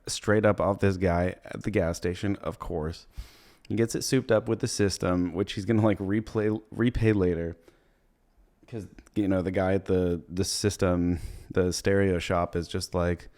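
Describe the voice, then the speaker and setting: Rambling, profane low-voiced man. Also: darkish tone. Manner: rambling, profane, laughs while retelling scenes and puts on brief character voices. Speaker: comedy podcast host. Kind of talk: casual comedic movie recap.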